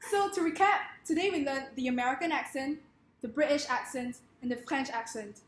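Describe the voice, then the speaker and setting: A woman giving a comedic presentation in a wry, deadpan manner. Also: high voice, fairly quick, reverberant, slight background noise.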